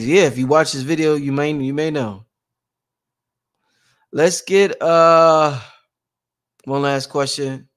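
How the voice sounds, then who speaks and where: Man, casual livestream host, informal, repetitive, shifting volume. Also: medium pitch. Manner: reads out chat shout-outs, swings between loud and hushed; informal, drawn-out, repeats phrases.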